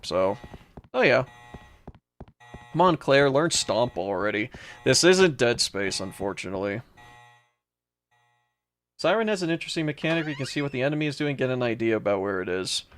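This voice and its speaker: A man's voice: mid-range voice, sing-song, moderate pace, pauses often, a bit bright, soft background music. Young man rambling over a horror game. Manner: rambling, with frequent fillers and restarts. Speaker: let's play streamer. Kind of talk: casual gameplay commentary reading chat.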